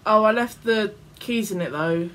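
A young woman vlogger chatting excitedly with a friend and making prank phone calls. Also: mid-range voice, moderate pace, slight background noise, rough recording. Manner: giggly, excitable between calls. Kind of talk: casual chat and prank call.

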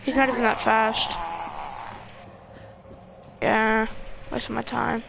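A woman's voice: fairly high pitch, little pitch movement, slow, creaky, very noisy. A young woman giving gameplay commentary, swearing constantly and talking to herself and the screen. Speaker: gamer.

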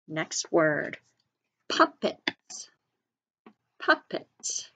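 A woman's voice: on the low side, very animated, pushed and bright, dull audio. A woman teacher leading a reading lesson for children, sounding out words syllable by syllable and spelling them letter by letter. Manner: slow, clear enunciation, sounding out syllables and letters.

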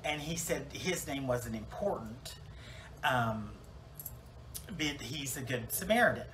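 A man's voice: medium pitch, animated, slow, fairly bright tone, rough recording. Brief: male preacher doing a self-absorbed salon-owner woman in heaven, rambling and wry, mid-range voice, faint hiss behind. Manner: rambling, full of fillers and restarts, wry. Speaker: preacher in character. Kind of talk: comic church monologue.

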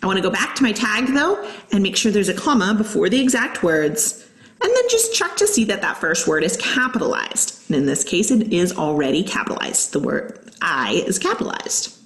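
A woman teaching a grammar lesson as a guest teacher, explaining step by step and slowing down to read out examples. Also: mid-range voice, sing-song. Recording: echoey room.

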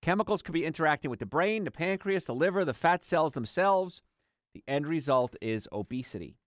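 Lively storytelling male radio host. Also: fairly high pitch, fairly quick, no room sound, clean studio sound. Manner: animated storytelling, acts out patients' lines. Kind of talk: conversational radio health talk.

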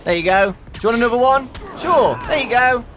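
A young man giving excitable let's-play commentary, shouting and laughing as he plays, over game music. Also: very high voice, fairly quick. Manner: excitable, loud exclamations, giggly, talks to viewers as "boys". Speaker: gaming YouTuber.

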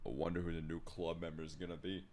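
A young man hosting an anime reaction, talking casually, swearing and swinging between loud outbursts and low mutters. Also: fast talker, slight background noise. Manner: loud, excitable, swears, jumps between shouting and mumbling.

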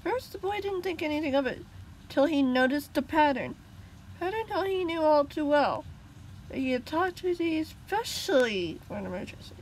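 Woman reading her story aloud, kinda high voice, faint hiss behind. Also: lively intonation, normal speed, rough recording. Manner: casual, with slips and restarts.

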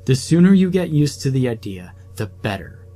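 A man's voice: medium pitch, big pitch swings, normal speed, warm tone, faint music behind, pitched above the performer's own voice, lightly acted. A man playing a smug, scheming middle-aged doctor who talks sarcastically and condescendingly.

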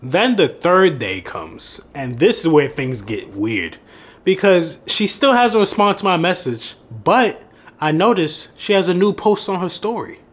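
A man's voice: high voice, very animated, a little slow. A young man who coaches on dating, telling a story in a casual vlog, laughing often and swearing freely.

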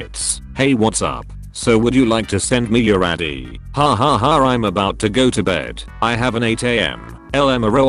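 A man reading out funny text message exchanges in a comedy video, adding dry, wry comments between them. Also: fairly low pitch. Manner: wry, reads messages aloud then comments dryly. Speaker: narrator of meme videos.

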